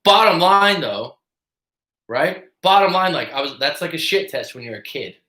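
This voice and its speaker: A man with a slightly high voice talks at normal speed in a reverberant setting while hosting a live stream as a coach. He tells a casual, profane story, animatedly acting out the characters' quotes.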